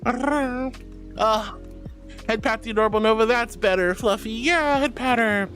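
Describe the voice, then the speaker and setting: Reading viewer messages aloud with faint music behind her, this bubbly woman streamer chats away, giggly and teasing, calling everyone sweetie and honey. Her voice is fairly high and fairly bright, with a measured pace.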